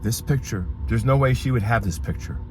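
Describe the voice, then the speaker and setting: A paranormal vlogger talks to camera in and around his car during a road trip, anxiously questioning a stalker situation. He talks briskly, alternating low mutters with excited high bursts, over faint music and noisy car and road sounds.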